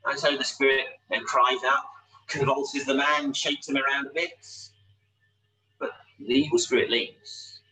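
A man's voice: mid-range voice, fairly even intonation, measured pace, pushed and bright, far from the mic, low-quality recording. A man preaching a sermon, explaining a scripture passage with frequent rhetorical tag questions. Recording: voice a little off-mic, faint hum.

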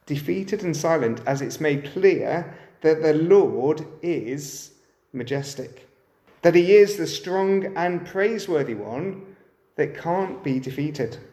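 A man's voice: on the high side, animated, slow, dark tone, reverberant. A man preaching a sermon, often turning to the listeners with rhetorical questions.

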